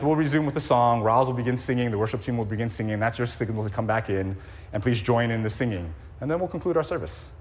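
A man in his forties preaching a conversational sermon, gently humorous, with frequent ums. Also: a little high. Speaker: pastor. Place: church sanctuary. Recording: long reverb in a church hall.

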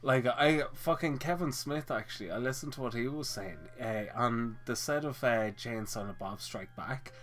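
A man's voice: mid-range voice, moderate pace, hardly any pauses, fairly bright tone. A man co-hosting a podcast, talking bluntly with a lot of swearing as he rambles through the topics. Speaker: podcast co-host. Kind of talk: casual chat.

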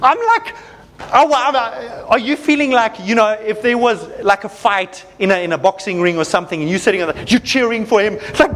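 High-pitched guy preaching, reads verses then gets all fired up. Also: fairly quick. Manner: animated, emphatic, reads scripture then comments. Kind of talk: sermon.

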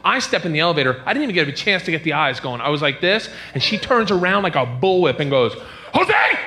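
A man doing a stand-up comedy set, telling stories animatedly and jumping into high squealing character voices. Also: animated, quick pace, bright, forceful tone, slight background noise. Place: comedy club stage.

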